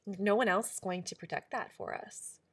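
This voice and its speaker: A middle-aged woman co-hosts a reflective podcast chat. She speaks earnestly and with emphasis, often restarting her sentences. Her voice sits at an ordinary pitch. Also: moderate pace, a bit bright. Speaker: podcast co-host.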